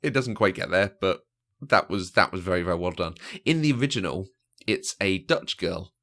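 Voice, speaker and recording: Brief: podcast co-host, man with a lowish voice, lively, does little voices when retelling scenes. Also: normal speed. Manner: animated, often acting out quoted lines. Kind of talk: casual chat about films.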